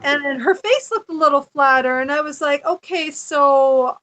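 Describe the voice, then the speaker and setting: A middle-aged woman telling a personal story as a podcast guest, animated and chatty, often laughing. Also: sits high, brisk. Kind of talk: casual storytelling chat.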